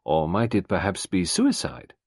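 A man voicing a courteous, fussy older male detective who speaks in a polite, measured, formal way. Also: deep voice, huge pitch swings, no room sound, studio quality, heavily acted. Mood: probing.

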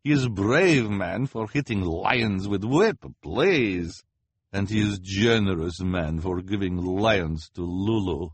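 A man's voice: low-pitched, slow, husky, no room sound, voice pushed up, exaggerated voice. A man voicing a fawning woman fortune-teller who speaks broken English and keeps saying "please". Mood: adoring. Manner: flattering, repeats "please".

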